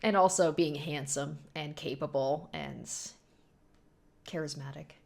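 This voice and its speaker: A woman's voice: deep voice, unhurried, gravelly. A woman hosting a casual anime reaction, chatting along, often laughing and quoting the characters. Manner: chatty, animated, lots of "like" and laughter.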